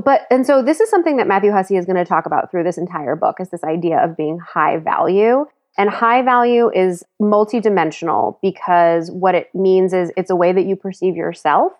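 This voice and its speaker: A woman's voice: fairly low pitch, darkish tone. A woman co-host laying out a book's ideas in an organized, explanatory way during casual chat. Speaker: podcast co-host. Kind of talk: casual chat, summarizing a book.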